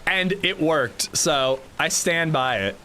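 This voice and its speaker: Here a young man streams a game and tells a story to his viewers in a lively, casual manner, laughing and reading the chat aloud. His voice is fairly high and slow, with a little hiss or hum.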